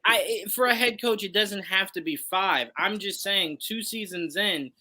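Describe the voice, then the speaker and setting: A man's voice: high-pitched, unhurried, pushed and bright. A man co-hosting a casual live sports chat, making his case emphatically and answering his own rhetorical questions. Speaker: podcast co-host.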